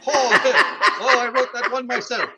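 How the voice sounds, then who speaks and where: A man doing a character bit as a folksy, goofy old farm-show host with a corny, drawn-out delivery and chuckling "ho ho ho"s. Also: very high-pitched, flat delivery, sharp tone, voice pushed up, exaggerated voice. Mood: folksy cheerful. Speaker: stand-up comedian.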